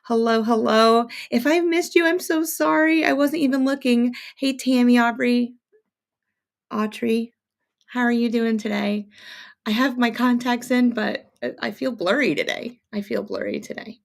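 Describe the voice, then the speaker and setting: A woman's voice: on the high side, animated, unhurried, gravelly. A woman hosting a casual sewing livestream, chatting with viewers, greeting them by name, and drifting into rambling asides. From upstate New York, near Montreal. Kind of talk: casual live-stream chat.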